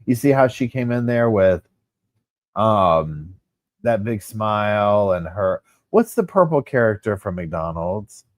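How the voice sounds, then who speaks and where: A man's voice: on the low side, slow, no echo, clean studio sound. Chatty man on a livestream. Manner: chatty, animated, talks to viewers as y'all. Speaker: livestream host. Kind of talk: casual live chat with viewers.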